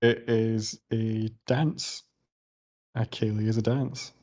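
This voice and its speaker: A man's voice: on the low side, level tone, slow, a little mellow. A young Scottish man answering quiz questions, hesitant and given to rambling stories and swearing. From Scotland. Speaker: quiz contestant. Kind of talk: casual podcast chat.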